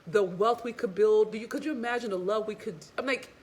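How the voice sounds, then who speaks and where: A woman relationship coach giving a casual, animated, sassy motivational talk to women, frank and sometimes cursing. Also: medium pitch, fairly quick.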